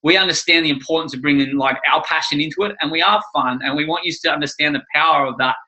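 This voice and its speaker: Male life coach co-host, casual and rambling, light on his feet, bright tone. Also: a little high, quick pace, rough recording. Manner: upbeat, rambling, jokey. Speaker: life coach co-hosting a course livestream. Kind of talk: casual livestream chat.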